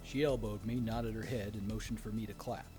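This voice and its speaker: A man's voice: on the low side, fairly even intonation, a little fast, darkish tone, faint music behind. A man narrating a horror story in a wry, dry storytelling manner.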